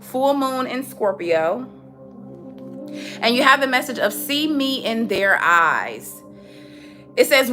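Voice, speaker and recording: A young woman talks through a spiritual reading in a loose, frank manner, stumbling and repeating words when she gets going. Her voice is bright and a little high, with faint music playing underneath. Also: sing-song, takes it slowly, long pauses. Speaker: tarot reader. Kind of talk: spiritual reading, casual monologue.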